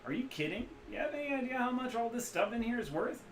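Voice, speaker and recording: A man voicing a cheerful, hungover, middle-aged male back-alley doctor with a loud, folksy Midwestern accent and a boastful manner, in a roomy-sounding room. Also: extremely high pitch, big pitch swings, quick pace, faint music behind, voice pushed up, heavily acted. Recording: roomy echo.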